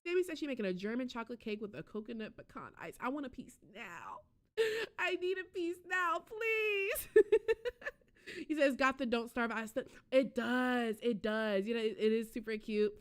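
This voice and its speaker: A woman streamer reacting live to a game showcase, excitable, with loud exclamations and frequent laughter. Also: fairly high pitch, brisk, few pauses. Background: showcase music.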